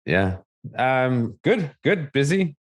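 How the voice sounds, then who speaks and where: A man's voice: medium pitch, big pitch swings, takes it slowly. A man co-hosting a casual podcast, teasing his partner in an easygoing way and telling detailed home-repair stories. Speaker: podcast co-host.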